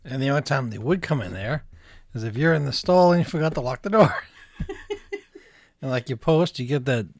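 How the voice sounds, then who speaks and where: Deep-voiced woman with teasing quips. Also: expressive, fairly quick, a little mellow, no echo. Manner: dry teasing interjections. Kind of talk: casual chat.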